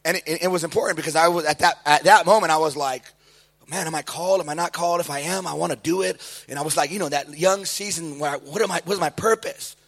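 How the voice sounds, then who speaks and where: A middle-aged preacher tells his testimony in an animated way, slipping into the voices of the people in his story. His voice sits a little high for a man, and he swings from quiet asides to loud, excited peaks. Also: fast talker, vocal fry. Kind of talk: sermon testimony.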